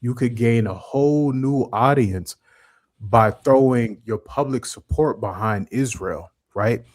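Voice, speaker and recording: An American man co-hosting a casual podcast at an ordinary middle pitch. He talks bluntly and rambles, with heavy profanity. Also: slow pace, a little mellow. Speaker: podcast co-host.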